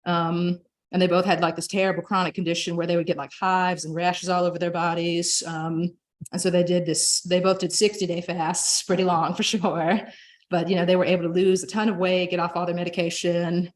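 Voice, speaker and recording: Young woman presenter, lowish voice, casual and chatty. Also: little pitch movement, brisk. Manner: chatty, frequent filler words.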